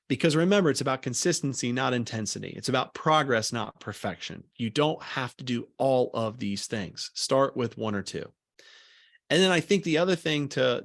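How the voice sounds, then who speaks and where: A man teaching a recorded communication lesson as a coach, speaking in an encouraging way with deliberate pauses. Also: medium pitch, no echo, studio quality.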